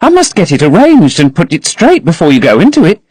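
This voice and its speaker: A man voicing a fussy, garrulous old female housekeeper with a high, fluttering, fussing way of talking. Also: huge pitch swings, brisk, darkish tone, husky, dry recording, exaggerated voice.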